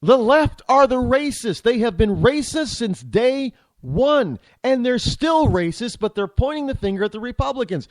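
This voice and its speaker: Guy talking high with a lot of swing in his voice, rambly and worked up, keeps restarting, dry close sound. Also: lively intonation, moderate pace, few pauses, no echo. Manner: rambling and indignant, with frequent restarts and repeated words. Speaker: talk show host. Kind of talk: political commentary monologue.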